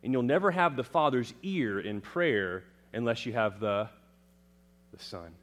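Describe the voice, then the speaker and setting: A man preaching a sermon, asking the congregation questions and swinging from quiet low lines to loud emphatic proclamations. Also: animated, measured pace. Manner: dramatic, rising to loud emphatic proclamations then dropping low; asks the congregation questions and answers them.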